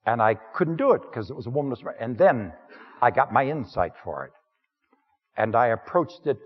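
A man's voice: medium pitch, breathy edge, in a large hall, muffled recording. A man lecturing other preachers on his craft in a folksy, earnest way. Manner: folksy, earnest, frequent uh fillers.

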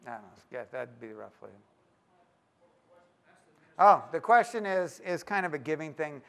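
An animated man speaking to a live congregation, acting out the people in his story as he goes. His voice sits high for a man. He speaks as a pastor. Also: normal speed, vocal fry. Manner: animated storyteller, acts out both sides of a phone call. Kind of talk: sermon storytelling to a live audience.

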